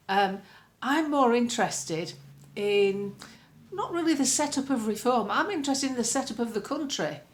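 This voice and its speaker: A woman from the UK talks straight into the camera from her home. She delivers a blunt, opinionated political monologue with a colloquial, earthy turn of phrase. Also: medium pitch. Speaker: political commentator.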